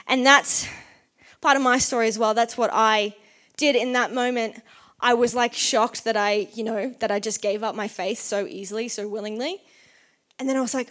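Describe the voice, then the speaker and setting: A young woman with a fairly high voice preaches a sermon. She talks earnestly and conversationally, weaving her own story into scripture, with bursts of lively animation. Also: normal speed.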